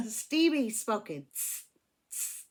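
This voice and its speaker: A woman giving a casual tarot reading from her flat at home, chatty and emphatic, swearing freely as she talks. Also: on the high side, takes it slowly. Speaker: tarot reader.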